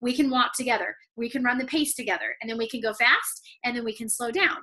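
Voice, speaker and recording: A woman leading a sales team, giving an energetic motivational talk, repeating phrases for emphasis. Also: on the high side, quick pace.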